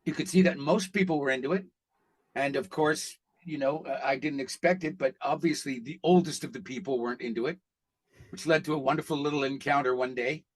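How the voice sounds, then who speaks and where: A man who is an actor, telling stories in a casual interview, animated and blunt, with some profanity. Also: medium pitch, fairly quick. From Canada. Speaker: actor guest.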